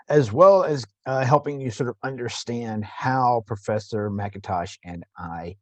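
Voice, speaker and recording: A man teaching a course, explaining an online classroom tool in a gravelly morning voice, halting and restarting as he talks. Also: mid-range voice, dry recording. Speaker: instructor. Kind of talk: screen-recorded tutorial.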